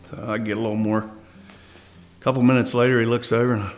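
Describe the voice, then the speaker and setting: A man telling a story about his grandfather in a relaxed, conversational way, with small restarts. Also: medium pitch, fast talker, soft background music. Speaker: grandson sharing a family memory. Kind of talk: interview storytelling.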